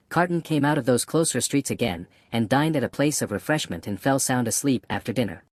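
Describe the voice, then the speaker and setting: A man narrating a classic novel as an audiobook in a measured reading style. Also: medium pitch, no room sound, studio quality. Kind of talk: scripted narration.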